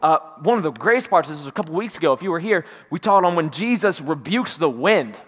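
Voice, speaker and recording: In a large hall, a male pastor delivers a sermon in a church sanctuary with a fairly high, expressive, slightly bright voice, talking fast. He keeps things conversational, acting out quotes and frequently asking listeners "right?".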